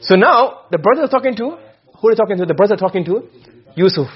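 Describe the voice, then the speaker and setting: A man's voice: high-pitched, lively intonation, quick pace, breathy edge, highs cut off. A man teaching a class in a lecture style, firing questions at the students and repeating himself as he explains. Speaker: Arabic rhetoric teacher.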